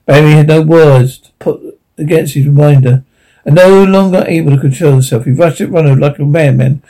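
A man narrates a storybook in a mellow, somewhat high voice. His reading is unpolished, with frequent restarts and small slips. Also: fairly quick, low-quality recording. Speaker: audiobook reader.

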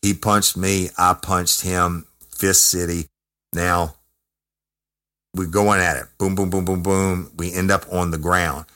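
A man with an extremely low, deep voice tells a story casually. He talks in a blunt, profane, emphatic way, punching out words as he goes. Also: slow. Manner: profane, emphatic, animated retelling. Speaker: former correctional officer telling a story.

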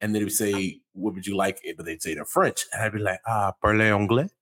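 A young adult man co-hosting a casual podcast, animated, laughing often and acting out the people he quotes. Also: low voice, fast talker, husky. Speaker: podcast co-host. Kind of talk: casual chat.

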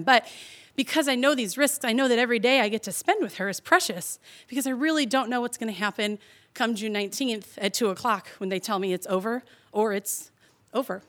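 Young woman, a touch high-voiced, animated live storyteller who laughs through her tale. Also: fairly quick. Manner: chatty and animated, heavy on "like", laughs through the telling.

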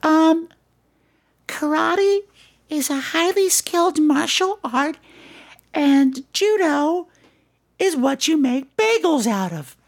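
A man voicing a six-year-old girl who tells silly jokes, in a high, slow, drawn-out childish voice. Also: expressive, creaky, exaggerated voice. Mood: coy.

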